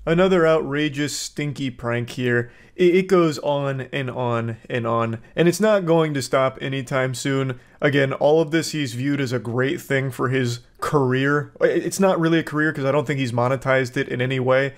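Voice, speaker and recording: A man's voice: mid-range voice, normal speed, few pauses. A man giving blunt, profane, sarcastic commentary on video clips. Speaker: commentary host.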